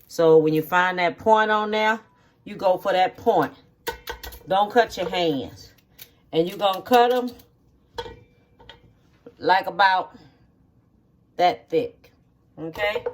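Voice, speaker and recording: Slow-talking home cook. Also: mid-range voice. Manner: slow, repetitive instructions, checking in with "okay?". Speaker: home cook hosting a cooking video. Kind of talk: cooking demonstration.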